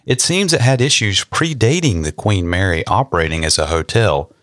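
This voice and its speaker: Low-voiced joking man, animated delivery. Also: moderate pace, no room sound, clean studio sound. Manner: joking, reads facts then riffs. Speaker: podcast co-host. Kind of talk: casual chat and read history.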